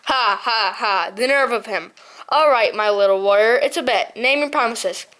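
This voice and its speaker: A woman's voice: on the high side, normal speed, a bit bright, close to an everyday voice. A woman voicing a pompous, boastful male snowy owl captain in a storybook reading, huffy and haughty. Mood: mocking laughter. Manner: huffy, haughty, laughs at others.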